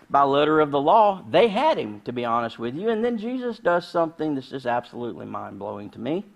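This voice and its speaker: Animated pastor preaching with humor. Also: male voice, fairly high pitch, fairly quick, vocal fry, hardly any pauses, highs cut off. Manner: conversational, humorous storytelling with sudden loud bursts. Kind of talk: sermon.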